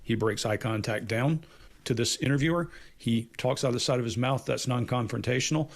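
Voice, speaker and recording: A man's voice: mid-range voice, brisk. A man giving casual panel analysis of body language in short, matter-of-fact sentences.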